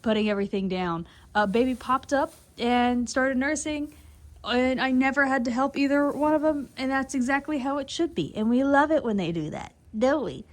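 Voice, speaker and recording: A woman's voice: high-pitched, normal speed. A woman in a barn at night, chatting casually and rambling as she talks to her horses and viewers. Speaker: horse breeding farm foaling attendant. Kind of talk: casual vlog chat.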